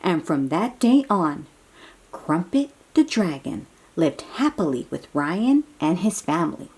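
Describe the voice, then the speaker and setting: A woman reads a storybook aloud for small children, taking her time over each line. Her voice swoops up and down with lively, exclamatory expression, and she keeps breaking off to chat warmly with her young listeners. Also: fairly low pitch, a little slow. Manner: animated, exclamatory, chatty asides to young listeners. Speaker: children's book reader.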